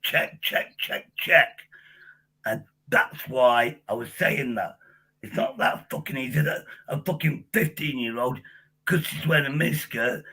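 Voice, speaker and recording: A man's voice: medium pitch, vocal fry, sharp tone, slightly rough, poor audio. A man hosting a livestream, angrily swearing and interrupting in a heated argument, losing his voice. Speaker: livestream host.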